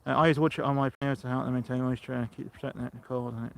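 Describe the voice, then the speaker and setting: A man's voice: mid-range voice, fairly even intonation, very fast, vocal fry. A middle-aged man from England chatting rambly on a live stream from his allotment, talking into a phone camera outdoors and answering viewers as he goes. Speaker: allotment vlogger. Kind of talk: live-streamed casual chat.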